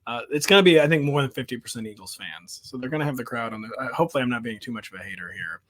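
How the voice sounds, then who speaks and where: A man's voice: medium pitch, lively intonation, very fast, a bit bright. A man hosting a football podcast, joking and laughing often in casual sports chat. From Missouri. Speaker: fantasy football podcast host.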